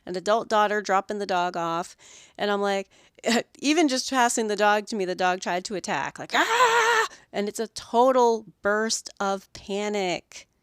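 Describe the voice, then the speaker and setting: A woman hosting a podcast about dog grooming, telling animated stories about her week and acting out the owners and dogs. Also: medium pitch, normal speed, clear, resonant tone, dry recording, studio quality. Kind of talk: solo podcast monologue.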